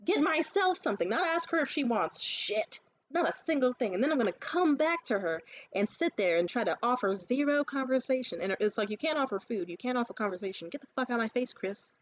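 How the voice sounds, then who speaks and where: A woman ranting casually to the camera, telling stories in a lively, profane way and acting out other people's lines. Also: fairly high pitch. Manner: animated, profane storytelling; acts out others' lines in quick asides. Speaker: vlogger.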